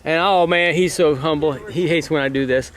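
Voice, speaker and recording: A man's voice: a little high, normal speed, fairly bright tone, faint music behind. A man chatting as an affable, joking interviewer. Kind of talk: casual chat.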